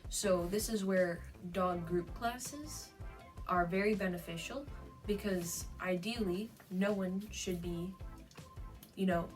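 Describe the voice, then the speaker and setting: A woman's voice: fairly low pitch, far from the mic, rough recording. A young adult woman giving dog training advice in a casual vlog, chatty, with frequent laughs and fillers.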